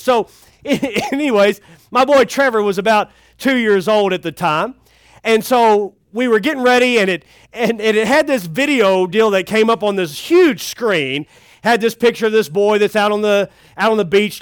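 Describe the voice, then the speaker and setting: A man's voice: high-pitched, no room sound. A middle-aged man, a pastor, telling funny family stories in a folksy camp sermon. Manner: folksy and humorous, acting out a child's cries.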